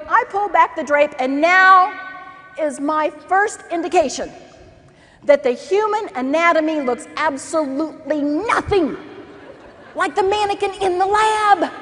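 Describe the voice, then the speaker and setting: Brief: high, lively woman speaker, comic storytelling, echoey hall, faint noise. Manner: animated, acts out characters, laughs through lines. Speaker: keynote speaker. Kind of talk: humorous storytelling speech.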